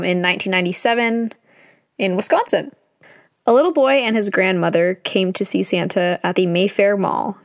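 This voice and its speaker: A woman's voice: medium pitch, no room sound, studio quality. A young woman reading stories aloud in a casual, chatty way, adding jokey asides between them. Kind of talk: casual read-aloud storytelling.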